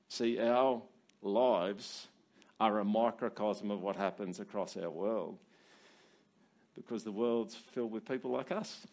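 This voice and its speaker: A man's voice: on the low side, darkish tone. A man preaching a sermon as pastor, conversational, with rhetorical questions and fillers.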